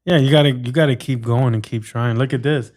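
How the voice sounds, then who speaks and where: A man's voice: medium pitch, fairly even intonation, brisk, darkish tone. A man hosting a podcast interview, chatting casually and encouraging his guest. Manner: encouraging, lots of short affirmations. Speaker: podcast host.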